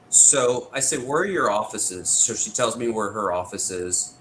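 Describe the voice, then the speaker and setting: A man's voice: lowish voice, expressive, fairly bright tone, a little hiss or hum, poor audio. Indignant man retelling a dispute. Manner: retells exchanges with quick back-and-forth quotes; indignant, insistent. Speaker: interview guest, military veteran. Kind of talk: first-person storytelling.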